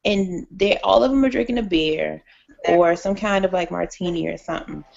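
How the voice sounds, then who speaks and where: A woman co-hosting a casual podcast, an animated storyteller who acts out the people in her stories. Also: lowish voice, normal speed, gravelly, lo-fi sound. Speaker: co-host.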